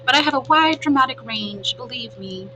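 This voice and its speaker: A woman voicing a dramatic, theatrical female opossum in a storybook read-aloud, with drawn-out, exclaiming emphasis. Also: high-pitched, lively intonation, sharp tone, rough recording. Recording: humming background noise.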